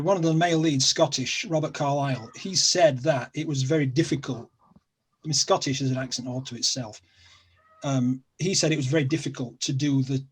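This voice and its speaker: This middle-aged guest from Sheffield in South Yorkshire, England, talks casually in a medium-pitched voice with a breathy edge. He wanders and says things over again, leaning heavily on filler words.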